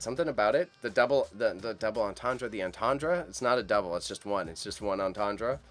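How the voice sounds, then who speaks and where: A man hosting a live stream about an auction, talking casually and enthusiastically to his chat viewers with a lot of slang. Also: fairly low pitch. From Canada. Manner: chatty and enthusiastic, speaks straight to chat viewers, uses slang.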